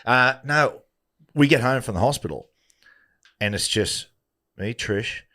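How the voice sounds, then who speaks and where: A middle-aged man co-hosting a podcast, telling anecdotes in relaxed banter. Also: mid-range voice, unhurried. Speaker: podcast co-host, father. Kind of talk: casual podcast chat.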